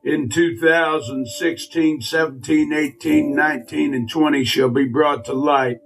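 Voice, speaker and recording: Male prophecy-video speaker, solemn proclamation, loud music bed. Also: a little high, fairly even intonation, measured pace. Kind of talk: dramatic online prophecy video.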